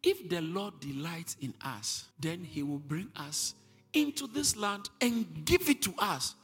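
A man preaching a sermon, moving between quiet teaching and shouted, repeated declarations. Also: high-pitched, animated, measured pace, slightly rough. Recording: long hall reverb with faint music.

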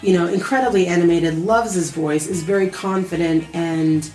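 A woman's voice: fairly low pitch, moderate pace, warm tone, faint music behind. A woman from a podcast describing a castmate in a casual, amused way. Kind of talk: casual interview remarks.

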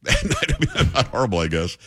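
A man's voice: fairly low pitch, big pitch swings, brisk, bright, forceful tone, dry recording. A man hosting a talk radio show, brash and teasing in casual studio banter. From New York.

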